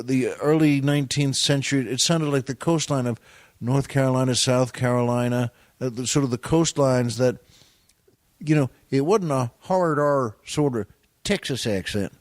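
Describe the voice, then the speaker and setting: A man of middle pitch spins rambling, self-deprecating show business tales as a podcast guest. He circles back and restarts as he goes. His voice sits close on a dry studio mic with no room around it. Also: no echo. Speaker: guest comedian and actor. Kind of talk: anecdotal storytelling on a podcast.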